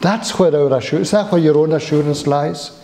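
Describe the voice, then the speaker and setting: A man preaching a sermon in a church, slow and emphatic, with rising exclamations. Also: on the high side, vocal fry, mellow.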